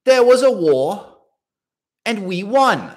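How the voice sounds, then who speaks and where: A man's voice: high-pitched, very animated, takes it slowly, voice pushed up, exaggerated voice. A man putting on the voice of a wealthy, self-assured Australian man with an upper-class accent close to English. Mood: smug. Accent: Australian upper-class, near English.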